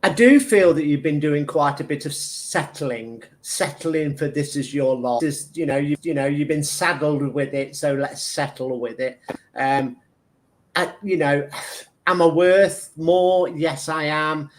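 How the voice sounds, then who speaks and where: A man's voice: a little high, unhurried. Rambling man giving a psychic reading. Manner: chatty and meandering, lots of fillers and restarts, acts out his own inner arguments. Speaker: tarot reader and medium on a live stream. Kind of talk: intuitive reading on a live stream, rambling.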